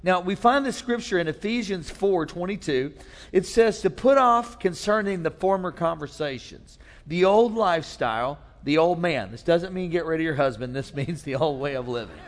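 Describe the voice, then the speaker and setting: A man's voice: fairly high pitch, lively intonation, normal speed. Preacher man in a reverberant hall. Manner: storytelling with humor, acts out voices. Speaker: pastor. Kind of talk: sermon.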